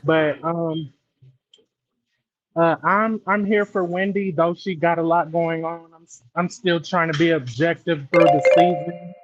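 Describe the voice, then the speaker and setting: Brief: male caller, higher voice, dull dry line, breezy. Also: steady tone, unhurried, faint music behind.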